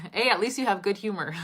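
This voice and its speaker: A young woman teaching English pronunciation, talking to her students in a live stream. She speaks very clearly and expressively and laughs often. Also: mid-range voice, fairly bright tone.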